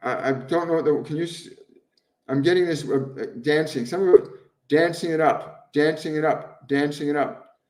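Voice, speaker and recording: A man hosting a live stream as a spiritual medium, answering viewers' questions in a gentle, earnest way and repeating phrases over and over for emphasis. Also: fairly high pitch, moderate pace, far from the mic. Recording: roomy echo, voice somewhat off-mic.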